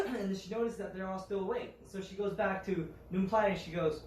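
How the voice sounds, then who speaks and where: A young man retells a folk tale, pausing often and restarting his phrases. His voice sits a little high for a man. He is heard from a distance in an echoing room with faint ambience behind. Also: darkish tone, a little hiss or hum. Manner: halting, with fillers and restarts.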